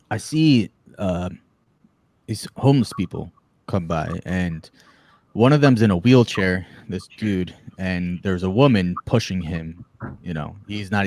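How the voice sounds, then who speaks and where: A man co-hosting a casual chat, telling lively stories and acting out the people in them. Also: deep voice, dry recording. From New Jersey. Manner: animated storyteller, acts out quotes, laughs a lot. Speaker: podcast co-host.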